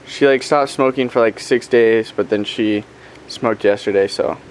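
A man's voice: lowish voice, normal speed, a little hiss or hum. Chatty young male missionary. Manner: chatty, upbeat, full of fillers and "like". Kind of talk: casual video update.

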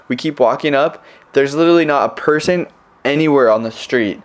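A man's voice: medium pitch, lively intonation, fairly quick. A young man, a missionary, telling stories in a casual recorded message to his family, rambling with many fillers. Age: young adult.

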